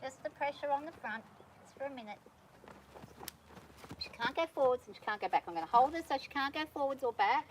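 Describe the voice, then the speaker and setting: A woman handling a horse on a farm who talks calmly and patiently, coaxing the animal softly and explaining each step to viewers. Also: sits high, fairly quick, long pauses, slight background noise. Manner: calm and patient, coaxing the horse in a soft praising voice; explains steps plainly to viewers while working. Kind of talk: hands-on training commentary. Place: outdoors on a farm.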